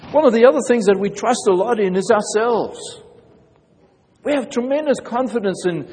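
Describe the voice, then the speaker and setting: A man's voice: sits high, darkish tone, in a large hall. A man preaching a sermon as pastor, earnest, often restarting his phrases. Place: church.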